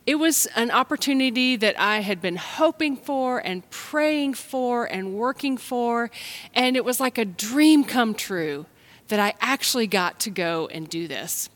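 A woman from the United States, a pastor, giving a gentle, unhurried children's message and sermon for an online service. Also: fairly high pitch, animated.

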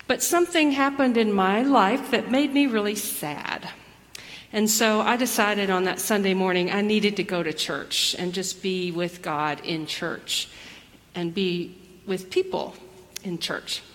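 A woman pastor giving a gentle children's message and sermon in church. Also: medium pitch, unhurried. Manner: gentle, storytelling. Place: church sanctuary. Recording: long church reverb.

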